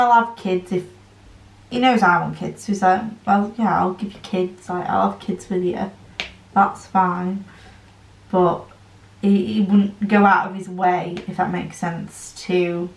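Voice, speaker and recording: A woman's voice: fairly low pitch, a little mellow. A young woman chatting casually and at length while she crafts. She has a runny nose. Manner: rambling, fast-talking. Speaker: crafting vlogger. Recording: roomy, distant from the mic.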